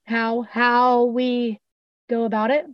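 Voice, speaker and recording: A woman's voice: on the high side, flat delivery, slow pace, no room sound, dull audio. A woman hosting a casual podcast chat, blunt and upbeat, swearing freely.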